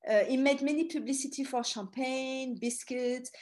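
A woman's voice: high voice, fairly even intonation, moderate pace, darkish tone. A middle-aged woman with a French accent, giving an anecdotal talk with chatty asides as a speaker and tour guide. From France. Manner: chatty, storytelling with asides and fillers.

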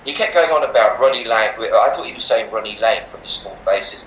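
An older man who works as a healer and meditation teacher tells animated stories in a relaxed interview, laughing often and acting out voices when quoting people. His voice is mid-range and fast. The mic is roomy and slightly distant, with faint background noise.

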